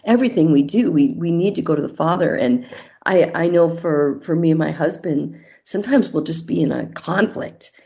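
A middle-aged woman talks candidly as an interview guest, telling personal stories from her marriage. Her voice sits a little low and has a mellow, warm tone. The recording sounds slightly dull and lo-fi. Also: moderate pace, vocal fry. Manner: candid, storytelling, faith-based. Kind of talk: casual interview talk.

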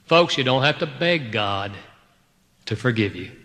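A man preaching a sermon to a congregation, telling a personal story in an animated way, swinging between loud outbursts and hushed, quiet passages. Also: medium pitch, a little slow, long reverb tail. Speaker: pastor.

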